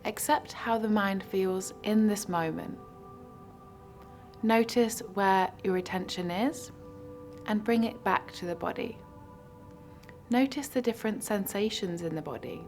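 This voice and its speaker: A woman guiding a mindfulness practice with slow, soothing instructions. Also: mid-range voice, soft background music. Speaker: mindfulness guide. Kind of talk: guided meditation.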